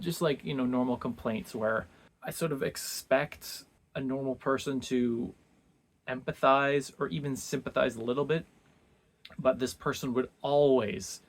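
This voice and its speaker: A man talking through a book review in a casual vlog, reflective and halting, often restarting his sentences as he searches for words. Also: mid-range voice, vocal fry.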